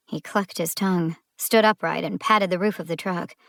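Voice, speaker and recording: A woman narrating a thriller audiobook in a measured storytelling style. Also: fairly low pitch, steady tone, vocal fry, a bit bright, no room sound, clean studio sound.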